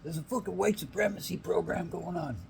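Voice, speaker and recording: A man's voice: sits high, a little fast, creaky, a little mellow, a little hiss or hum, pitched above the performer's own voice. A man voicing a whiny, aggrieved young man who blames everyone else for his troubles. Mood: whining. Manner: complaining, accusing.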